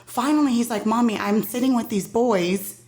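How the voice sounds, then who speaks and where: A woman's voice: fairly high pitch, normal speed, a little mellow. A middle-aged woman speaking as a parent guest in a casual podcast conversation, telling her story with emphasis and quoting the people in it. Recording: roomy echo.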